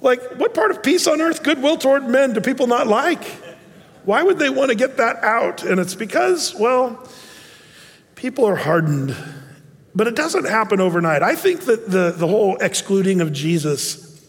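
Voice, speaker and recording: Male pastor, high voice, chatty digressive sermon with long hall reverb. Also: sing-song, moderate pace. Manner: conversational, digressive, with many restarts.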